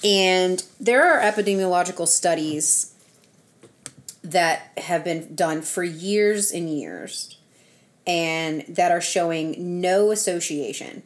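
Brief: woman, low voice, chatty explainer, restarts a lot, fillers. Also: lively intonation, takes it slowly. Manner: explains studies in long run-on sentences with fillers and restarts. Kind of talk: casual explanatory chat.

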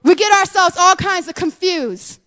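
A middle-aged woman preaching a sermon, earnest, calling her listeners friends and rising to loud fervor. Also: very high voice, normal speed, long reverb tail.

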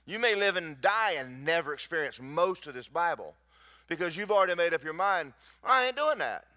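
A man preaching a sermon to his congregation, with folksy asides to the crowd and rising to near shouts at his peaks. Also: a little high, lively intonation, brisk. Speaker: pastor. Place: church sanctuary.

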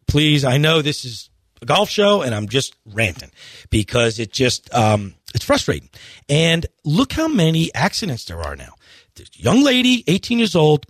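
A husky man on a dry-sounding radio studio mic, pleading with listeners in an earnest, rambling rant. His pitch swings widely as he presses his point, stumbling and restarting as he goes. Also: no echo. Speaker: golf radio show host.

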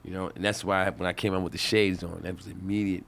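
A man's voice: deep voice, little pitch movement, fast talker, gravelly, a bit bright. A male comedian telling a stand-up story in casual, profane talk, full of restarts.

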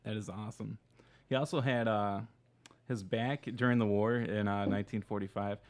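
A man's voice: on the low side, fairly even intonation, normal speed. A man co-hosting a podcast, telling a story in casual chat with lots of laughter and loose asides. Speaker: podcast co-host.

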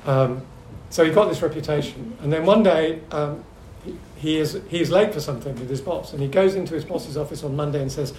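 A middle-aged man speaking at a seminar, telling anecdotes in a lively but hesitant way, full of ums and restarts. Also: fairly high pitch, a little fast, hardly any pauses. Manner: lively storyteller. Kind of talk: anecdotal talk to a seminar audience. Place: echoey meeting room. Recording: echoey room with faint hum.

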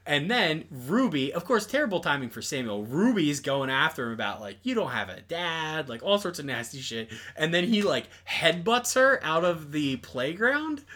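Animated bright-voiced young man. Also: a little high, normal speed, hardly any pauses. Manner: animated, exasperated, lots of fillers. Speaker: podcast co-host. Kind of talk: casual movie review chat.

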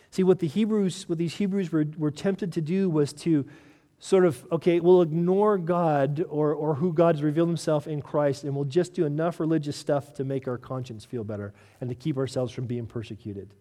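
A man preaching a sermon with a mellow, warm tone that sits a little high for a man. He talks earnestly, pushing through pointed questions before sinking low for emphasis. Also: moderate pace. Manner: earnest, rising to urgent questions then dropping low. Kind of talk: expository sermon.

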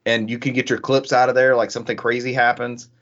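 A man in casual podcast chat, relaxed and loose, talking at a medium pitch. The sound is a little dull and muffled. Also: fast talker. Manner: relaxed, loose, swears freely. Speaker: podcast host.

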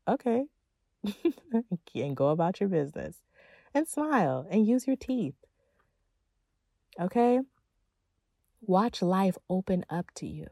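A woman's voice: medium pitch, big pitch swings, slow pace, creaky, long pauses, warm tone, no echo. A woman giving a motivational monologue as a feminine energy coach, emphatic and casual, with slang and playful asides.

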